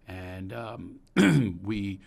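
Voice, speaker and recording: A middle-aged man from Pennsylvania with a Pennsylvania accent, hosting a podcast and telling long personal stories in a rambling, animated way. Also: fairly low pitch, drawn-out words, creaky. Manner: rambling and storytelling, animated when recalling anecdotes. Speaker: podcast host. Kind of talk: casual chat.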